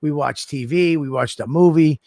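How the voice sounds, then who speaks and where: Middle-aged guy on a podcast, swears a lot, tells stories all lively, dry close sound. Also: a little high, normal speed, vocal fry, no room sound. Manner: profane, animated storytelling. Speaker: podcast co-host. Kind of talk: casual chat.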